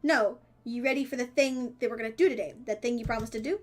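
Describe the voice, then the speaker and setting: A high-pitched woman streams a dating game and reads the lines aloud, giggling often and dropping in goofy character voices. Her delivery is playful and casual. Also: fast talker.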